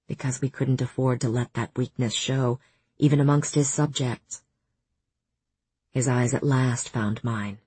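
Female audiobook narrator, low husky voice, measured first-person fantasy reading. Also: steady tone, warm tone, no echo.

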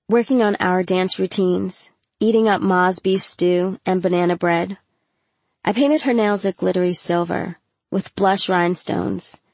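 A woman narrating a first-person audiobook in a measured storytelling voice with casual slang. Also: medium pitch, darkish tone, no room sound.

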